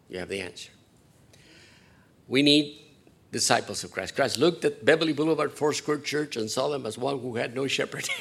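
A man preaching a Sunday sermon as pastor, rambling and self-deprecating, swinging between hushed asides and loud emphatic lines. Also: medium pitch, gravelly, slightly rough.

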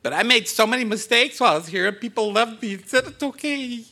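A man's voice: sits high, fast talker, vocal fry, pushed and bright. A man in his sixties, a guest preacher in a church, choked up and joking at himself as he opens his sermon. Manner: choked up, joking, self-deprecating. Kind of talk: emotional sermon opening. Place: church sanctuary.

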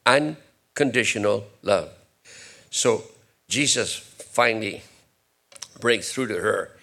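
A man preaching a sermon, moving between quiet, low asides and loud, high-pitched rhetorical questions. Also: animated, slow pace. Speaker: pastor.

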